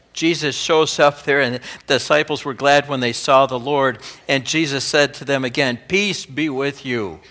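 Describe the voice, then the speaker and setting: A male pastor preaching a sermon in an earnest, emphatic way, dropping soft and low on key words.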